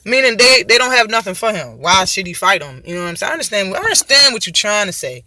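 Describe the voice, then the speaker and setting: A man's voice: high-pitched, very animated, quick pace, sharp tone. A man hosting his own show, giving casual, heated commentary on boxing with a profane, mocking manner.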